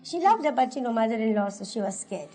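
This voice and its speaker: Woman, Indian English accent, fairly high voice, lively anecdotal storytelling, laughs often. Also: fast talker, poor audio. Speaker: interviewee. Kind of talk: oral history storytelling. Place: religious center.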